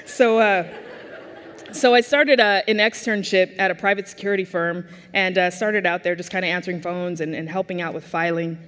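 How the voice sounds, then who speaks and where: A woman in her thirties tells funny, self-mocking personal stories at a forum, her delivery animated and sharply timed. Her voice sits at an ordinary middle pitch. A long reverb from the large room trails after each line. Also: normal speed, a little hiss or hum. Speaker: keynote speaker. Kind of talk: humorous personal storytelling speech.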